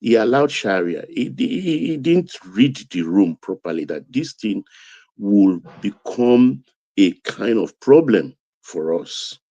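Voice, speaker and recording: Deep-voiced Nigerian man, emphatic. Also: very animated, slow pace, dark tone, dry recording, highs cut off. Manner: emphatic, building to raised intensity. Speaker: political commentator. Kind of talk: political commentary.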